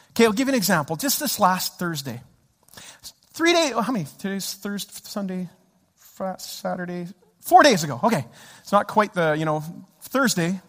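A man preaching a sermon, telling a story with lively animation and acting out his own frustrated shouts. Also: high-pitched. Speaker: pastor. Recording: church hall reverb.

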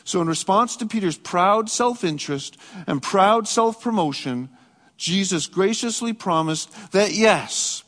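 A man preaching a sermon as pastor, earnest, rising to emphatic peaks and dropping to soft reflective passages. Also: sits high, lively intonation, a little slow. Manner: earnest, swings between raised emphatic and soft reflective delivery. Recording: long hall reverb.

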